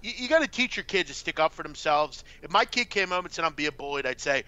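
Male radio host, lively and sharp, emphatic opinions, lo-fi sound. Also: a little high, fast. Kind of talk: casual sports radio talk.

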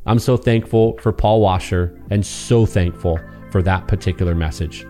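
An earnest male podcast host speaks in an encouraging tone. His voice is low and mellow. Faint music plays quietly behind him. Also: normal speed. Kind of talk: reflective outro.

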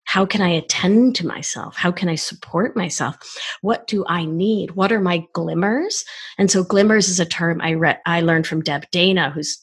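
A woman in her forties, a wellness expert talking in a casual podcast conversation, animated and expressive. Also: lowish voice, moderate pace, slightly rough. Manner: animated, acts out child voices in quotes.

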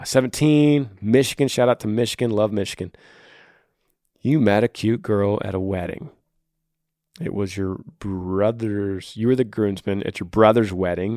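A man's voice: on the low side, a little mellow, no room sound, clean studio sound. A man hosting a podcast, giving earnest, brotherly advice to a listener in a tired voice. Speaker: podcast host. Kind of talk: casual advice chat.

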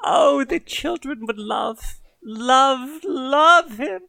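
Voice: medium pitch, expressive, slow pace, vocal fry, a bit bright, dry recording, full character voice. A game master voicing a flamboyant, fawning male circus ringmaster who calls everyone darling. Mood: gushing. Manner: theatrical, gushing, calls others darling. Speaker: villainous showman who keeps performers as exhibits.

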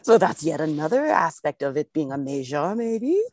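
Young woman co-host, low voice, dry close sound, rambling casual chat. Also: big pitch swings, moderate pace, darkish tone, no echo. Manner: chatty, rambling, laughs easily. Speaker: podcast co-host and pro golfer.

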